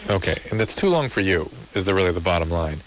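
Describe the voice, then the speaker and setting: A man's voice: low voice, animated, fast. A man co-hosting a call-in radio show, giving direct advice and asking callers probing questions. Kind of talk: casual radio advice talk.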